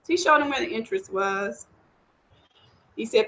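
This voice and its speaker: A woman telling a traditional story aloud in an animated, conversational way with many asides. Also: medium pitch, normal speed, pauses often, slight background noise, low-quality recording. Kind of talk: oral storytelling of Yoruba myths.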